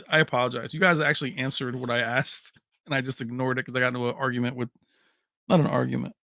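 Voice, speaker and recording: Hosting a casual livestream, a man jokes around with the chat and reads viewers' names and locations aloud in a chatty manner. His voice is a little high, gravelly and fairly bright, captured in studio quality with no echo.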